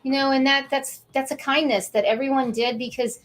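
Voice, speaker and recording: A woman's voice: high voice, steady tone, a little fast, slight background noise, poor audio. Emotional woman telling a heartfelt story. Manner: emotional, repeats words, emphatic. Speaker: show co-host and counselor. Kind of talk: heartfelt storytelling on a talk show.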